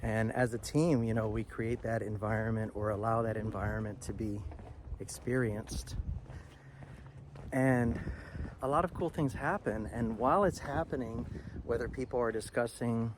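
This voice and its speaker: Walking outdoors on a street, the vlogger and English teacher talks into his handheld camera in a mid-range voice at a moderate pace. It's a casual, rambling walk-and-talk full of fillers, with street ambience and cars going by.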